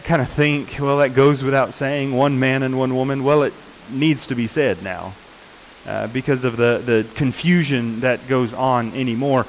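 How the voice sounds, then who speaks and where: A man preaching a sermon in an unhurried, earnest way, often pausing with fillers and restarting his sentences. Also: mid-range voice, a little hiss or hum, poor audio.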